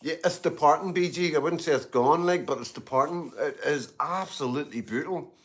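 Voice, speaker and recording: A livestreamer in Glasgow reads the chat aloud in a fairly high, slightly bright voice, talking fairly quickly. The casual stream finds him rambling, repeating himself, and saying "you know what I mean" constantly, with bites of food and sips of tea in between.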